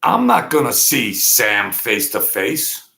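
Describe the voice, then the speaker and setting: A man with a deeply gravelly, creaky voice, speaking in a loose, rambling monologue. He is blunt and streetwise, and his pitch sits in the middle range. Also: very animated, slow pace, bright, forceful tone. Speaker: vlog host. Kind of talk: casual monologue.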